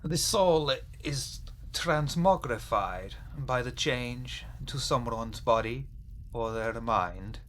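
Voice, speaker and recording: A European game master voicing a sinister male vampire flesh-shaper in a put-on Eastern European accent, speaking in slow, solemn pronouncements. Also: medium pitch, a bit bright, slight background noise. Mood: menacing calm. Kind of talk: tabletop role-play voicing.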